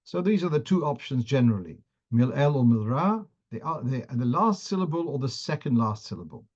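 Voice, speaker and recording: A man's voice: mid-range voice, expressive, fairly quick, a little mellow, dull audio. A man teaching a class on the cantillation of Torah readings, who often restarts phrases as he explains and sometimes chants verses.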